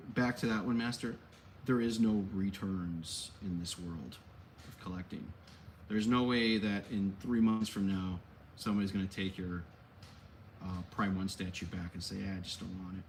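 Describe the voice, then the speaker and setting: A man's voice: fairly low pitch, slight background noise. A man hosting a casual Q&A for his collectibles shop, rambling and correcting himself as he goes, with easygoing slang. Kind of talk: casual livestream Q&A.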